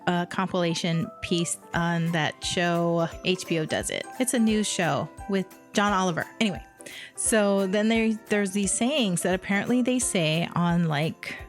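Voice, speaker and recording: A woman from Hawaii co-hosts a podcast, giggling and laughing often as she chats casually. Her voice is fairly low and her pace measured, with faint music in the background.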